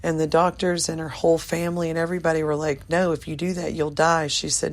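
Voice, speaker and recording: A woman's voice: sits low, little pitch movement, fast talker, hardly any pauses. An older woman talking to her viewers in a rambling, emotional monologue, swearing casually. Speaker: vlogger.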